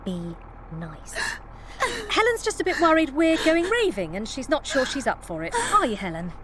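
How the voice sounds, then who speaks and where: A woman's voice: sits high, huge pitch swings, moderate pace, noisy background. An actress playing a weary, sensible young mother in a comedy radio play, curt and firm.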